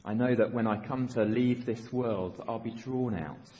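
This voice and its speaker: A man's voice: mid-range voice, unhurried, mellow. Male pastor, earnest exhortation, dull recording in an echoing church. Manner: earnest, exhorting with short repeated phrases. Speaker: preacher. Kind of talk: sermon. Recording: dull recording with long reverb in a church hall.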